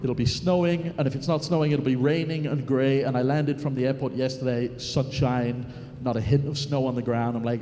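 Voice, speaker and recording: On stage in a large conference hall, an event host banters and teases the crowd while filling time, chatty and joking. His warm, mid-range voice runs a little fast with fairly even intonation and hardly any pauses. Picked up by a stage microphone, it carries long reverb and slight background noise.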